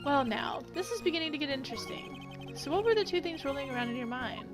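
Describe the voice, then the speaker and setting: A young male defense lawyer pressing a witness with pointed questions, read by a woman in her own high voice. Game music runs in the background. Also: lively intonation, fast. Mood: probing. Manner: questioning, probing.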